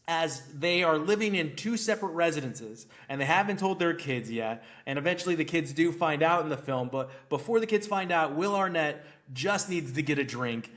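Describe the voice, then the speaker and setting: A man co-hosting a movie review podcast in casual chat, animated and laughing often. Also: fairly high pitch. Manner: animated, laughs often, acts out scenes in quotes.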